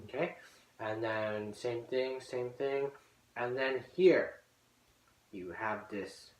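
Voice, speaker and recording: A man's voice: mid-range voice, slow pace, soft background music. A man teaching a cello piece, singing the rhythms aloud as "da, da" and often checking in with "okay?", with casual apologetic asides. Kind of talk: music lesson walkthrough.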